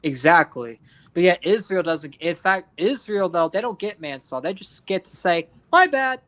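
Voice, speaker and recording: A man's voice: high voice, lively intonation, normal speed, fairly bright tone. Man ranting with profane anger. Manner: angry, profane ranting with restarts. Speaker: podcast co-host. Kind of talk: heated casual chat.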